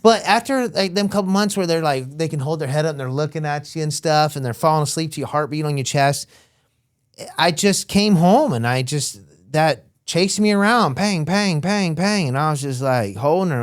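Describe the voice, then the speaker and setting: A young Florida man, once a smuggler, guests on an interview show and speaks briskly in a voice on the high side. Telling his history casually, he gets animated, his voice leaping as he mimics other people's words. The sound is close and dry with no echo or surrounding room.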